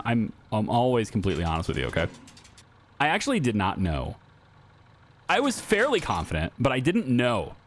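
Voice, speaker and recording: Lively sarcastic man playing a game. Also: medium pitch, slight background noise. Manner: joking, sarcastic, rambling asides to viewers. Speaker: gaming YouTuber. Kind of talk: casual gameplay commentary.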